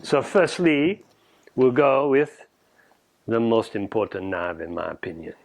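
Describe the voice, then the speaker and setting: A man's voice: mid-range voice, big pitch swings, measured pace. A man playing a hammy French chef. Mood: theatrical. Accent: French mixed with Australian. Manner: theatrical, tags lines with "huh?" and "all right?". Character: excitable theatrical French home chef, male, middle-aged. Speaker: cooking show host. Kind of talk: comic cooking lesson.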